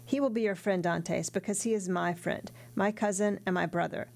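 A woman voicing a determined young woman in love, in an earnest, steady read. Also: mid-range voice, normal speed, gravelly, close to an everyday voice.

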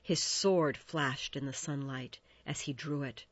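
A woman narrating a storybook tale in a measured, expressive way. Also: very deep voice, husky, no echo. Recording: dull dry recording.

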